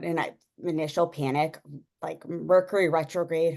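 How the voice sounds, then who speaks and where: A woman's voice: low-pitched, little pitch movement, moderate pace. A young woman telling a personal story in a casual, rambling way, with many fillers and frequent laughs. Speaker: guest sharing a personal story.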